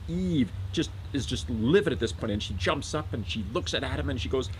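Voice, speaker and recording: A man casually retelling a story with lots of fillers and a deadpan, rambling manner. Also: medium pitch, moderate pace, few pauses, a little hiss or hum, low-quality recording. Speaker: comedic storyteller.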